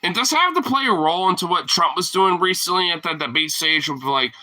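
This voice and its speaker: Bright, swearing, rambling young-sounding man. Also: high voice, animated, fast talker, few pauses, rough recording. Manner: profane, rambling, laughs often. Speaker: vlogger. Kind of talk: casual rant to camera.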